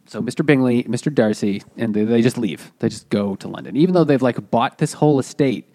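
A man's voice: mid-range voice, brisk, hardly any pauses, mellow. A man co-hosting a casual podcast, recapping a novel's plot and steering the talk back to it. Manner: keeps the plot summary on track. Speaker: podcast co-host. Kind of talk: casual comedic book chat.

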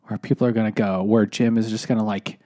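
A man's voice: on the low side, level tone, quick pace, mellow. A man talking casually about a book as a podcast co-host, rambling with many restarts and fillers, and laughing easily. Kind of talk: casual chat.

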